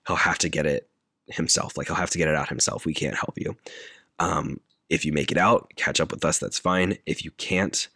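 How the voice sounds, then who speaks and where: A man co-hosting a podcast, casually and haltingly recounting a movie plot. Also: very deep voice, bright, forceful tone, no echo, clean studio sound. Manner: halting, loose, with many fillers. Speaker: podcast co-host.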